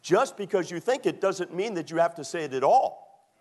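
A man's voice: on the high side, expressive, normal speed. A man preaching a sermon in a folksy, conversational way, with many fillers, quoting scripture and asking the congregation to answer. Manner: quotes scripture and asks the congregation to respond. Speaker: pastor.

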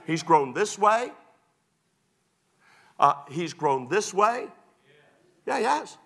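A middle-aged male pastor preaching a sermon, animated and emphatic at times, folksy and humorous when he tells stories. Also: high voice, takes it slowly, creaky.

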